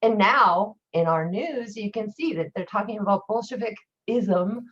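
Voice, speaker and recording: A woman's voice: mid-range voice, unhurried, fairly bright tone, husky. A woman talking as a guest teacher in a casual chat, telling rambling stories. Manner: chatty, rambling storyteller. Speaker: guest teacher, occult priestess. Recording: dull lo-fi recording.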